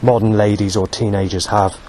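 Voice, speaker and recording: A man's voice: lowish voice, level tone, brisk, dark tone, slight background noise. A man rambling through a walking monologue outdoors, full of fillers and asides. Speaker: vlogger. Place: outdoors on a street.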